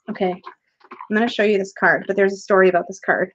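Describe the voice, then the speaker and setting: A woman hosting a casual live stream from a small room at home, bubbly and excitable, laughing often. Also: medium pitch, a little fast, dry recording, muffled recording. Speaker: tarot reader and channel host.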